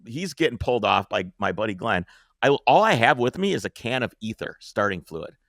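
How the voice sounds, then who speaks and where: Animated man telling a wild story. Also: lowish voice, a little fast, creaky, no echo, studio quality. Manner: animated, swears freely, acts out scenes. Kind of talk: casual storytelling.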